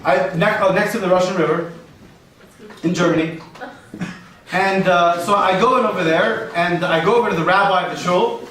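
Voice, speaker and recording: A man's voice: high voice, steady tone, normal speed, a bit bright, far from the mic, slight background noise. A man performing a rambling stand-up set for a live audience, joking and sprinkling in Yiddish and Hebrew terms. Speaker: stand-up comedian. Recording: echoey room recorded from afar.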